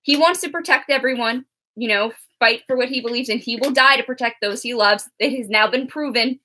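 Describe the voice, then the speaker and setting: A young woman co-hosting a casual TV recap chat, animated and laughing often as she acts out characters. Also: a little high, brisk. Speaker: co-host.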